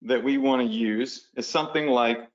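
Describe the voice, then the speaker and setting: Male online coach, casual webinar walkthrough, ordinary pitch, somewhat muffled lo-fi sound. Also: normal speed. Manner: casual, talks the viewers through steps while drawing on screen; conversational, uses "y'all" and "right?". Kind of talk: live webinar teaching. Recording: slightly dull lo-fi webinar audio.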